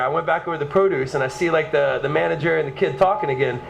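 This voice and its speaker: A man's voice: on the high side, fast talker, creaky, background noise. A man telling a long joke as a rambling anecdote in a contest. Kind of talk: casual storytelling.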